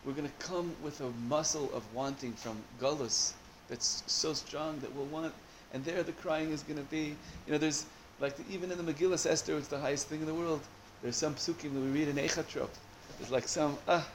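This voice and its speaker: Animated man teaching a Torah class. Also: fairly high pitch, brisk, few pauses, slight background noise. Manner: animated, searching for words with many restarts.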